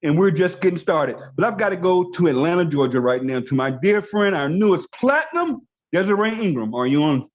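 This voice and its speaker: Brief: fired-up man preaching to a team, slightly high voice, muffled call audio. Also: very animated, brisk. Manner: passionate, preachy. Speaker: network marketing leader. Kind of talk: motivational call speech.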